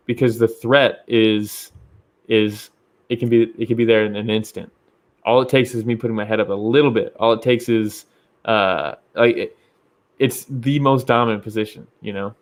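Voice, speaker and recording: A man co-hosting a casual podcast about fights, loose and profane, laughing often. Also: mid-range voice. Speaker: podcast co-host.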